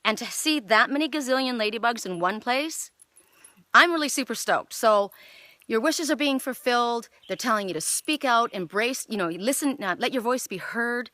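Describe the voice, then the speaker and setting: Excitable middle-aged lady doing an oracle card reading outside, bright voice, dry close sound, lots of ums. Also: fairly high pitch, moderate pace, no echo. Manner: chatty, excitable, lots of fillers. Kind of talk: casual spiritual card reading. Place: outdoors in the evening.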